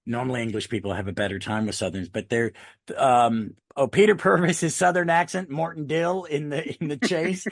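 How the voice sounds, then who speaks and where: An American man on a casual podcast, drifting from one anecdote to the next in a mid-pitched voice. The sound is dry and close, with no room around it. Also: steady tone, moderate pace, gravelly, no echo. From United States. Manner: rambling anecdotal storyteller. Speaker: podcast co-host.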